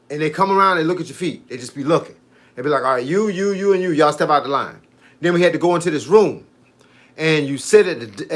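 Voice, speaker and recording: A lively man in his fifties chats on a fitness livestream, telling stories with plenty of energy. His voice sits a touch higher than most men's. He talks loosely and casually, like he's talking to friends. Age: 50s. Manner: animated, storytelling, reading out viewer comments. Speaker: fitness coach.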